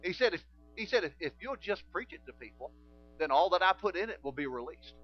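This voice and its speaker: A man preaching a sermon, telling stories and acting out conversations in quieter voices. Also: high voice, a little fast, highs cut off, soft background music. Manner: animated storytelling, acting out dialogue in quiet voices.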